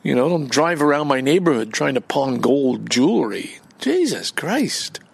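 Gravelly rambling man, profane and indignant. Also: medium pitch, moderate pace, dry recording. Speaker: vlogger. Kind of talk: casual rambling monologue. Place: outdoors in a park.

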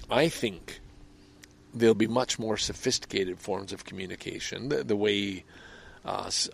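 A man's voice: lowish voice, gravelly, slight background noise. A man delivering a rambling, heated monologue outdoors by a lake. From Canada. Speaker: vlogger.

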